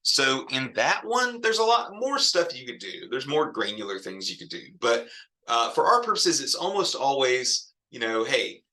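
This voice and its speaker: A man's voice: medium pitch, big pitch swings, moderate pace, sharp tone. A man teaching a college writing class in a recorded lecture, casual and wry, with self-deprecating asides.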